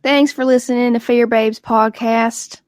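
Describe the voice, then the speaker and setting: A woman's voice: on the high side, fairly even intonation, measured pace, a little mellow, no echo, clean studio sound. A woman co-hosting a podcast, speaking in an effusive, bubbly way. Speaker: podcast co-host. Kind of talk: casual chat.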